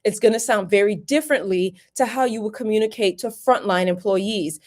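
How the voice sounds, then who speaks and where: A woman coaching viewers on workplace communication in a live stream. She talks emphatically and chattily, hammering key points home by repeating them. Her voice sits at an ordinary mid pitch. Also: brisk, darkish tone. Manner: emphatic, repetitive, chatty asides. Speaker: workplace lawyer and career coach. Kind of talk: live-streamed career advice.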